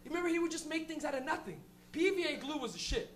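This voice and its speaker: A man doing profane, animated stand-up comedy, laughing and acting out characters on a club stage. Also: very high-pitched, quick pace, slight background noise.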